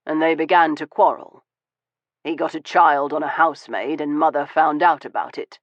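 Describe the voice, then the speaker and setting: A man voicing a wounded, weary Victorian gentleman who speaks in a low, measured and bitter way in an audiobook. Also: steady tone, dry recording, natural voice. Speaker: audiobook voice of a male character. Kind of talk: audiobook dialogue reading. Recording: dull, dry studio audio.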